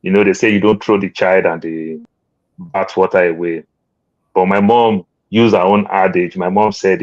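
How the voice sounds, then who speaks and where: A man's voice: low voice, steady tone, normal speed, a little mellow, no echo, muffled recording. A man giving wry political commentary as a panel guest, telling homely proverbs. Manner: wry, chuckling, tells proverbs.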